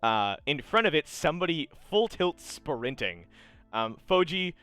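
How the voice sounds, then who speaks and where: A man narrating as game master of a tabletop game, chatty and quick to laugh. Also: fairly high pitch, very animated, fairly bright tone, clear, resonant tone, soft background music. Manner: chatty, laughing, scene-setting.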